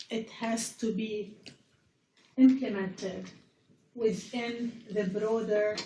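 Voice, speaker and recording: A woman's voice: medium pitch, a little mellow. Woman lecturing in an echoey hall. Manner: earnest, repeats words while explaining. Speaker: university public health lecturer. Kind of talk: classroom lecture. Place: classroom. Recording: roomy lecture hall from far off with faint noise.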